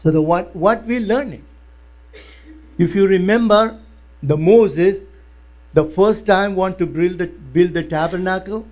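High-voiced preacher, non-native English. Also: male voice, measured pace, long pauses. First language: not English. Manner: animated storytelling with broken grammar. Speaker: pastor. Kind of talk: sermon.

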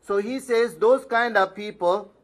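A pastor with a high voice preaches a little slowly, reading from the Bible along the way. He is emphatic, raises questions only to answer them, and repeats phrases for stress.

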